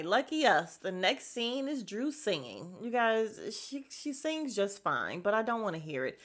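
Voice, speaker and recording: In a laid-back podcast, a woman with a mid-range voice breaks down a reality show in a sassy, lively way, impersonating people's lines with over-the-top voices.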